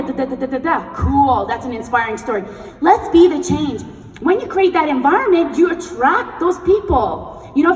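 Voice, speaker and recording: A young woman giving a blunt, energetic motivational talk on stage and leading the crowd in chanted affirmations, heard in a large event hall. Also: a little high. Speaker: sales team leader and motivational speaker. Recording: echoey hall recorded from far off.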